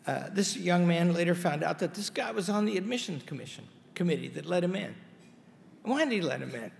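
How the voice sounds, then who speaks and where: A man's voice: high voice, lively intonation, fairly quick, vocal fry, a little hiss or hum. A man, a college president, giving an anniversary speech to an audience in a large hall, telling folksy stories with wry asides. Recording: hall reverb with faint ambience.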